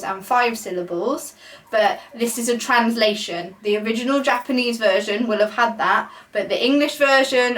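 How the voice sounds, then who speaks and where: A woman's voice: a little high, a bit bright, recorded from a distance, a little hiss or hum. A young adult woman leading a beginner poetry workshop, explaining patiently with many ums. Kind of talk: casual beginner lesson. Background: guinea pigs chewing.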